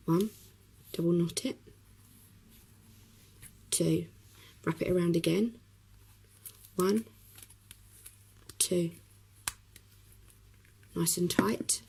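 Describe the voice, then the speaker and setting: A woman with a hoarse, croaky voice from a cough, explaining a craft project step by step in a chatty way with many pauses. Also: lowish voice, fairly even intonation, darkish tone, a little hiss or hum, rough recording. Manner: chatty, talks while working, many ums. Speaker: craft tutorial host. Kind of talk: casual craft tutorial.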